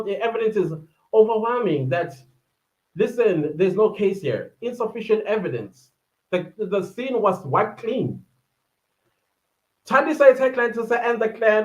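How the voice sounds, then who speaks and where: South African woman, livestream host, chatty and animated, muffled low-fi sound. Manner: chatty, animated, quick asides and laughs. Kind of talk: casual livestream chat reading viewer comments. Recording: dull lo-fi livestream audio.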